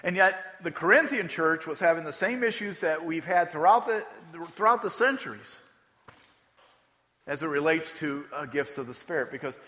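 A man's voice: a little high, lively intonation, moderate pace, bright, forceful tone. A man preaching a sermon as pastor, talking conversationally and repeating words for emphasis. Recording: long hall reverb.

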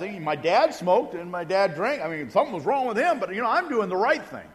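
A man's voice: sits high, big pitch swings, fast talker, hardly any pauses. A middle-aged man from Indiana, a pastor telling personal stories in a sermon, folksy and conversational with humorous asides to the congregation. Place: church sanctuary. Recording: long reverb of a church hall.

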